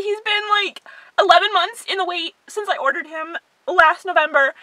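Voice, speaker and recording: A woman collector unboxing a doll in a vlog, gushing and squealing with excitement. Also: very high-pitched, moderate pace, no echo.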